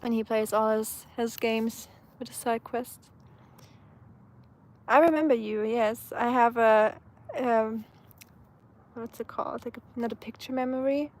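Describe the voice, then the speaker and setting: Chatty German-accented woman, slightly high. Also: fairly even intonation, measured pace, darkish tone. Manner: chatty, answers viewers' comments, frequent fillers and restarts. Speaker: live streamer. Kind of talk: casual live-stream chat. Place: outdoors on a sunny day.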